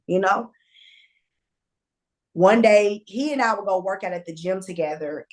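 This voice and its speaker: A woman guest telling a candid personal story in a conversational, animated way, with fillers and restarts. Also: fairly low pitch.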